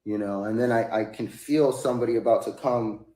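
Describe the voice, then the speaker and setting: A man telling a long personal story in a casual, rambling way, sometimes rising into high, loud bursts. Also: steady tone, a little fast. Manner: rambling, rising to high-pitched outbursts when quoting himself. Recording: echoey room.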